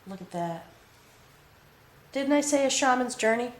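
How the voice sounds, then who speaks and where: A woman giving an emotional, earnest spiritual tarot reading, talking straight to the viewer and often checking in with a soft "okay?". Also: on the high side, lively intonation, unhurried. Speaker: tarot reader.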